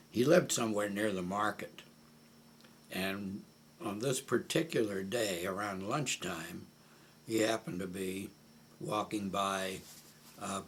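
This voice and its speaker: An older man from Omaha with a low voice recalls old stories in an unhurried way, often pausing to gather his thoughts. A faint hiss sits under the recording. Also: fairly bright tone. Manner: unhurried, with frequent hesitations. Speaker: oral history interviewee. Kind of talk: reminiscing storytelling.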